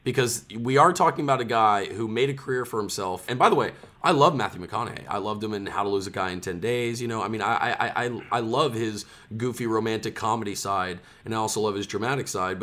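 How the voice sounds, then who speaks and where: A man with a fairly low, fairly bright voice co-hosts a podcast at a brisk pace. It's a casual chat, and he rambles with many restarts.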